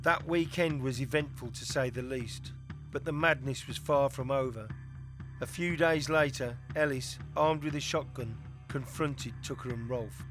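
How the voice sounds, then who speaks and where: A man giving measured, scripted documentary narration. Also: medium pitch, a bit bright, faint music behind.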